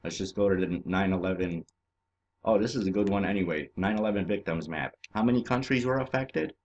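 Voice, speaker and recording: A man's voice: low voice, brisk, highs cut off. Agitated, profane man ranting. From California. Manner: agitated, profane, swings between shouting and muttering. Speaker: vlogger. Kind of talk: ranting commentary over on-screen maps.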